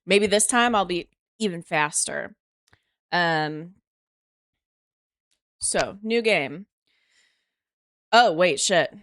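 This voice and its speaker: Slow-talking, low-voiced woman streamer. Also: expressive, a bit bright, no echo, clean studio sound. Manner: chatty, swears freely, talks to herself while playing. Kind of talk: casual live-stream chat.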